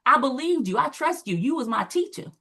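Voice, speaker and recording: Lively, bright-voiced Southern woman storyteller. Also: a little fast, husky. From American South. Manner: animated storyteller, acts out quotes with big pitch jumps. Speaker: guest speaker, former teacher and parent. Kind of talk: storytelling in a talk show discussion.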